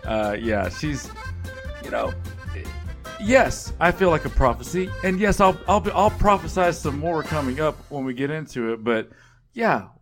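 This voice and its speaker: A man's voice: fairly high pitch, very animated, normal speed, fairly bright tone, faint music behind. A man hosting a comedic sports betting podcast, hyping the show and cracking crude jokes. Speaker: podcast host.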